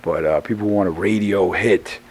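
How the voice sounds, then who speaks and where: A middle-aged man, a rapper, talking in a casual interview, tired and hoarse after a show, rambling with stammered restarts and plenty of swearing. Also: low voice, moderate pace. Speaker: rapper guest.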